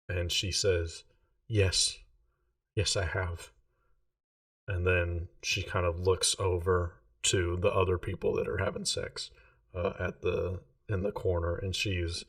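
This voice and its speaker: A man's voice: deep voice, gravelly, fairly bright tone, recorded from a distance. A man narrating as game master of a tabletop game, rambling with many fillers.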